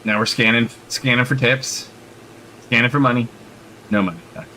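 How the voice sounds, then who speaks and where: A man's voice: medium pitch, fairly even intonation, a little fast, pushed and bright, slight background noise, low-quality recording. A man mocking a streamer in crude, sarcastic commentary. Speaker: restream commentator.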